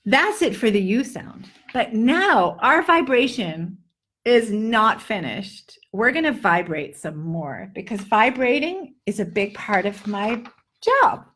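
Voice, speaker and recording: Woman, English pronunciation teacher, playful, jokey. Lively pitch, slow deliberate delivery on webcam. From Netherlands-based. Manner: playful, joking, exaggerated drills. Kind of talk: live online lesson. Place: home, indoors.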